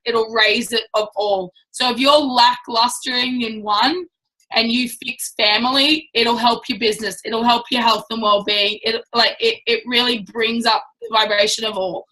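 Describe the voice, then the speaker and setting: A woman's voice: on the high side, pushed and bright, low-quality recording. A woman giving a casual, blunt and chatty training talk to a business team. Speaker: network marketing trainer.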